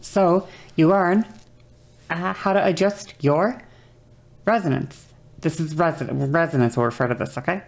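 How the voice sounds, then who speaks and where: A woman's voice: a little slow, vocal fry. A woman streamer explaining vocal control in casual, rambling talk, swearing freely and checking in with "okay" often. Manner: demonstrates voice changes with whispery and high vocal sounds.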